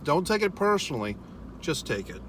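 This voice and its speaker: A man's voice: fairly high pitch, sing-song, a little fast, background noise. Profane rambling man in a car. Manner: profane, rambling, wry asides to viewers. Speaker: vlogger. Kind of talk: casual eating vlog rant.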